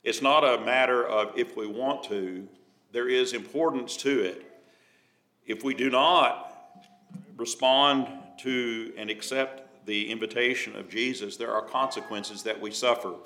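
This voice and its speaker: A man preaching a Bible study sermon, speaking in a measured way and reading scripture aloud in old-fashioned wording. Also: medium pitch, pushed and bright. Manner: measured, reads scripture in King James wording.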